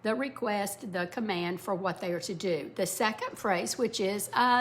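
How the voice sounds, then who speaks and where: A middle-aged woman, a former English teacher, explaining parenting skills to parents in a warm, explanatory way. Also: mid-range voice, normal speed, slight background noise. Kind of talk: instructional talk to parents.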